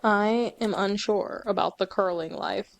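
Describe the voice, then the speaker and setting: A woman's voice: medium pitch, dry recording. Young woman cohost, rambly casual chat, lots of asides. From Colorado, US. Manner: chatty, rambling, quick asides with laughs. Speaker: podcast co-host.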